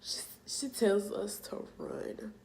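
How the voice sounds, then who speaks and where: A young woman telling a personal story for her vlog, halting and emotional, with casual slang. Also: medium pitch, fairly even intonation, vocal fry, darkish tone, a little hiss or hum. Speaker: vlogger.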